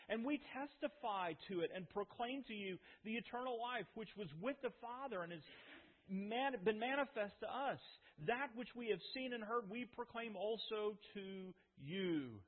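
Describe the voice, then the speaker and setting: A man preaching a sermon as a pastor, emphatic, with dramatic pauses and repeated phrases. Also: high-pitched, lively intonation. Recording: phone-like sound with long hall reverb.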